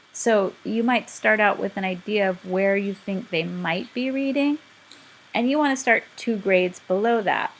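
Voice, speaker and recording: A woman's voice: mid-range voice, low-quality recording. A woman teaching a class, explaining step by step in a patient, direct way. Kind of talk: instructional lecture.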